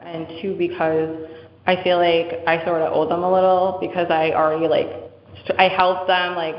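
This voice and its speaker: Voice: mid-range voice, level tone, moderate pace. A speaker with a Boston accent, talking chattily at a town meeting and filling gaps with "like". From Massachusetts. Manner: chatty, frequent "like" fillers. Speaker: committee member presenting. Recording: echoey hall, muffled audio.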